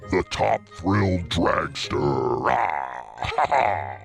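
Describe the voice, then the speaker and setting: A man putting on a deep, slow dramatic announcer voice for a countdown, with music behind. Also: big pitch swings, vocal fry, heavily acted. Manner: booming countdown announcer delivery.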